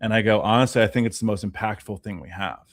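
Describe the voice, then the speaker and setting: A man on a casual livestream telling an animated story, acting out the voices of the people he quotes. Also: on the low side, fast talker. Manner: animated storyteller who acts out quoted dialogue. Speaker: guest.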